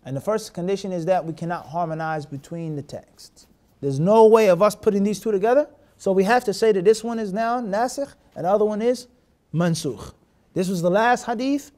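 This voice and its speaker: A man's voice: high-pitched, brisk, a little mellow. A man teaching a classroom hadith lesson, mixing Arabic terms into his English and often stopping to check that his students follow. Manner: asks the class rhetorical check questions. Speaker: Islamic teacher.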